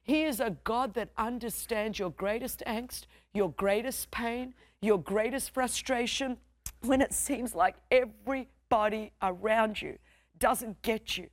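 A woman's voice: on the high side, measured pace, no room sound. A young adult woman with an Australian accent, preaching a sermon as pastor with a passionate, emphatic, repetitive cadence.

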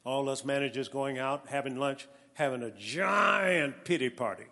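A male preacher giving an animated sermon with a personal testimony, calling out to his congregation and building to shouts. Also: medium pitch, moderate pace, gravelly. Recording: long reverb of a large hall.

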